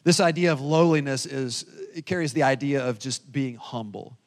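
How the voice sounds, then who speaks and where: A male pastor preaching a sermon in a church sanctuary, telling personal stories with animated, self-deprecating humor and chatty asides to the congregation. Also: medium pitch, normal speed. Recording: long reverb of a church hall.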